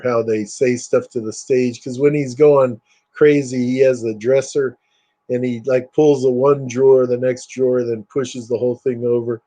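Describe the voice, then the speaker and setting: This collector has a mellow, medium-pitched voice. He shows off his items in a casual, rambling show-and-tell, full of fillers and clearly excited about what he has.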